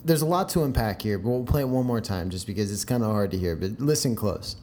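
Easygoing young man, lively voice. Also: on the low side, fast talker, slight background noise. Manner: chatty and easygoing, often laughing. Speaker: podcast co-host. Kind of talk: casual podcast chat.

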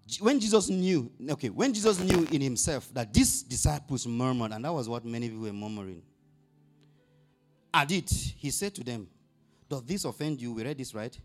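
A man's voice: mid-range voice, animated, normal speed, faint music behind. A male pastor preaching a sermon, asking the congregation questions and rising to emphatic bursts on scripture.

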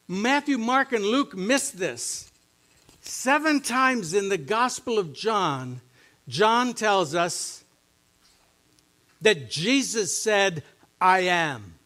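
Slow-talking man preaching a sermon. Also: sing-song. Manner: swings from quiet, low musing to loud, emphatic preaching. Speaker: pastor. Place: church sanctuary.

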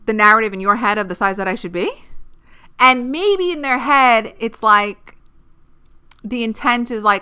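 A woman's voice: mid-range voice, fairly quick, clear, resonant tone. Blunt, profane woman podcaster in her thirties. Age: 30s. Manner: blunt, profane and animated, giving dating advice. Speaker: podcast host. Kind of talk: casual podcast monologue.

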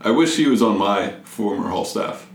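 A man's voice: on the low side, expressive, normal speed, echoey room. A man co-hosting a casual chat, eager and agreeable, often stammering. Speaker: podcast co-host.

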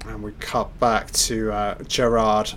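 A man's voice: fairly low pitch, little pitch movement, slow pace, a bit bright, a little hiss or hum. A man giving a loose, off-the-cuff film commentary, reacting aloud and swearing at the scenes.

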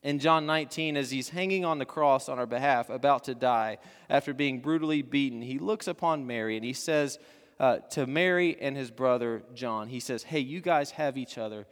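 A man preaching a sermon, building to fervent emphasis and then dropping to soft, hushed endings. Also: mid-range voice, moderate pace. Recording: long hall reverb.

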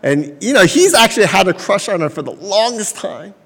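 High-voiced pastor in a reverberant hall. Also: male voice, very animated, a little fast, vocal fry, a bit bright. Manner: conversational storytelling with laughs. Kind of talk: sermon.

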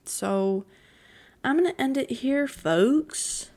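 A woman's voice: high-pitched, animated, slow pace, darkish tone. A teenage girl hosting a casual solo podcast, recapping a cartoon in a rambling way full of "like", emotional and with a voice quaking on the verge of tears. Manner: emotional, near tears, giggly, rambling with many "like"s. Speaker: podcast host.

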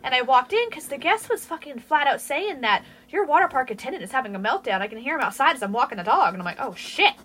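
High, lively, profane woman storyteller. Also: quick pace, few pauses. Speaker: podcast co-host. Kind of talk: casual chat.

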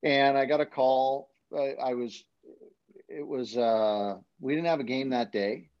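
A man's voice: mid-range voice, unhurried. A man, a hockey broadcaster, telling rambling anecdotes in casual podcast chat, with lots of fillers and restarts. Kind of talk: casual storytelling. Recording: dull lo-fi sound.

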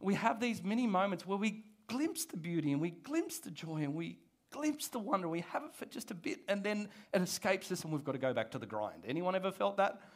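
A pastor, preaching a sermon to his church in an animated, conversational way. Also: high-pitched, a little fast. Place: church service.

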